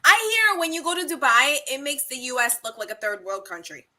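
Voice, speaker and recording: A woman co-hosting a live podcast in relaxed casual chat, asking questions and reacting. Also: high-pitched, fairly quick. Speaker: podcast co-host.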